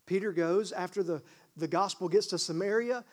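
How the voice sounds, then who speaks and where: A man's voice: high voice, moderate pace, darkish tone. A man preaching a sermon, emphatic and asking the congregation questions. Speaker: pastor.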